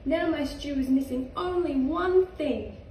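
A woman's voice: sits high, measured pace, warm tone, slight background noise. A woman with an Australian accent voicing a sly, boastful male dingo cooking a stew in a storybook reading. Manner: cheerful and scheming. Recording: echoey room, far from mic.

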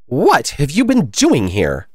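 A man reading a storybook aloud and voicing a furious, imperious queen who shrieks her orders in a shrill, loud voice. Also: wildly swooping pitch, takes it slowly, no echo, studio quality, full character voice.

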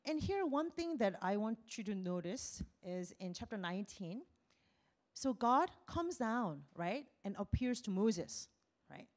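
A woman missionary preaching a lively sermon, asking the congregation questions, acting out voices and dropping to a whisper for emphasis. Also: mid-range voice, measured pace. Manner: animated, asks the congregation questions, acts out quotes.

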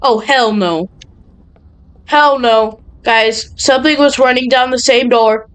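Talking to viewers while she plays a horror game for her channel, a young woman sounds nervous and jumpy. Her slightly high voice is clear and resonant, and she takes things slowly, though the recording quality is low.

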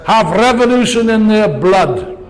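A man's voice: sits high, unhurried. Sarcastic older man speaking in a hall. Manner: sarcastic, rousing, rhetorical questions. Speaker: political speaker. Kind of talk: political speech.

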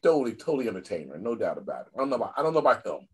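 An older man, a guest magician in casual video-call chat, telling stories in an animated way and repeating phrases for emphasis. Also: on the low side, rapid-fire, very noisy.

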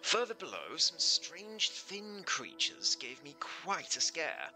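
A man's voice: fairly high pitch, very animated, slow pace, sharp tone, soft background music, voice pushed up, exaggerated voice, low-quality recording. A man voicing an old, genteel male bug who draws maps, reading game dialogue aloud in a courteous, leisurely way. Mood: genial.

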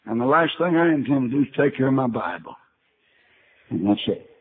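A man's voice: medium pitch, big pitch swings, brisk, husky. An older man preaching a sermon, telling Bible stories in a folksy way and acting out the dialogue himself. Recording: tinny archival sermon recording.

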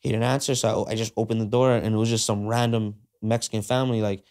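A man's voice: on the low side, level tone, quick pace, darkish tone. A man, a podcast guest, retelling a story in slangy casual speech, full of "like" and "uh", acting out the quoted dialogue. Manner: frequent fillers like "like" and "uh".

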